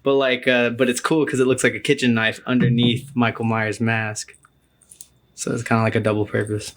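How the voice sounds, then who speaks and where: Gravelly man in casual podcast chat. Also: medium pitch, flat delivery, moderate pace, a bit bright. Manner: laid-back, rambling, many fillers and restarts.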